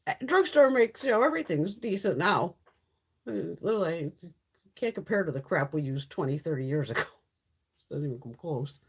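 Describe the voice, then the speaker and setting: A woman's voice: on the low side, animated, moderate pace, husky. A middle-aged woman hosting a casual beauty live stream, chatty and blunt, swearing freely and laughing often.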